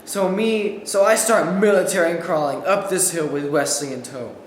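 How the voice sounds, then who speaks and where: A young man performing a memorized comic monologue as a student, animated and acting out quotes with shouts, in a school hall with echo and faint background noise. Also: sits high, moderate pace.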